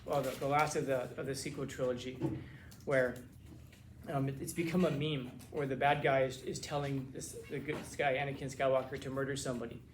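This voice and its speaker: A man with a mid-range, level voice gives a classroom lecture at a fairly quick clip in a casual, conversational style, often repeating words while he hunts for the right phrasing. The room is reverberant, with a little hiss or hum.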